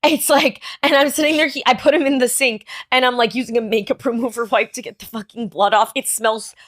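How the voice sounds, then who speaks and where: A young woman co-hosting a podcast, telling a story in animated casual chat, full of "like" and swearing. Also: on the high side, brisk, no room sound. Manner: animated storyteller, heavy "like" filler, frequent swearing. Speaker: podcast co-host.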